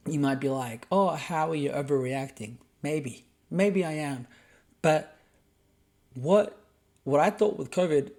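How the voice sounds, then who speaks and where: A man's voice: on the high side, darkish tone. Heated Australian man ranting. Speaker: podcast host. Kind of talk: solo podcast rant.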